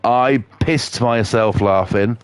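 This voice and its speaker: A man's voice: mid-range voice, takes it slowly, clear, resonant tone, no echo. A man, chatting on a live game stream in a sweary, rambling, jokey way. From England. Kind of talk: casual chat on a live stream.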